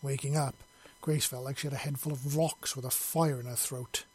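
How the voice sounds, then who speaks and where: A man narrating a story in a steady, plain reading voice. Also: mid-range voice, moderate pace, breathy edge, no room sound.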